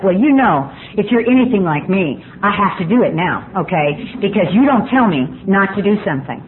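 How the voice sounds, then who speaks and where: A woman shares her recovery story at a meeting, candid and self-mocking with a dry sense of humor. Her voice sits in a middle pitch and comes through a tinny, phone-like recording with a faint hiss behind it. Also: expressive, moderate pace, few pauses. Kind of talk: personal testimony storytelling.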